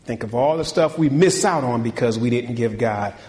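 A man preaching a sermon, folksy and conversational, swinging between loud, high exhortation and quiet, low talk. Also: normal speed. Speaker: pastor.

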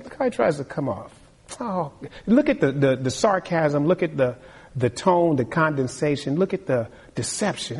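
A man preaching a sermon with a husky voice, lively and acting out other people's voices. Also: a little high, moderate pace. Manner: animated, acts out voices of tempters and the king. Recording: long hall reverb.

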